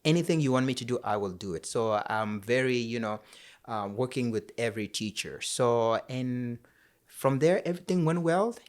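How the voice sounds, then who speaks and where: Man from Africa telling lively stories. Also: medium pitch, normal speed. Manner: lively storyteller who acts out dialogue. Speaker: podcast guest. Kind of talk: casual storytelling chat.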